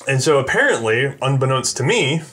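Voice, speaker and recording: A man's voice: mid-range voice, brisk, slightly rough. A man hosting a firearms history show, chatting casually and acting out voices in his anecdotes. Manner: animated storyteller, acts out voices in anecdotes. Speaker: show host.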